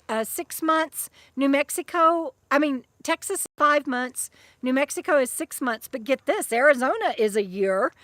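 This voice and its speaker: A chatty middle-aged woman with a fairly high voice rambles through a casual livestream, stumbling over her restarts as she answers viewers. She talks close to the mic, with a dry sound and little room around her. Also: pushed and bright, dry recording. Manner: rambling and chatty, with many restarts and fond asides to her dog. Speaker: vlogger and author living in a van. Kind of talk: casual livestream chat reading viewer comments.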